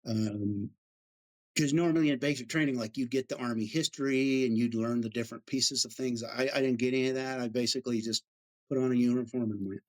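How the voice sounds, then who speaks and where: Animated middle-aged male veteran storyteller. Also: medium pitch, fairly quick. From United States. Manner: animated storyteller, acts out quoted voices. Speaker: Army veteran guest. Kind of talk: casual storytelling interview.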